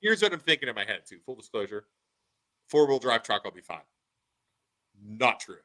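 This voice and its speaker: A man in his thirties hosting a casual podcast, telling a story in an animated way and saying "dude" a lot. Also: mid-range voice, quick pace, poor audio. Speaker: podcast host.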